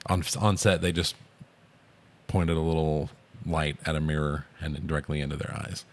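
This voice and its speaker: A man's voice: a bass voice, flat delivery, normal speed. A man co-hosting a podcast, chatting casually about a movie, laughing often and adding behind-the-scenes trivia. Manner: laid-back, laughs often, adds trivia. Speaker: podcast co-host.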